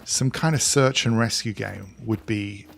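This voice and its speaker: A man's voice: fairly low pitch, unhurried, gravelly, slight background noise. A man from England with a mix of English and Scottish accent, chatting casually with viewers on a live game stream. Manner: chatty, reads out and answers chat while playing.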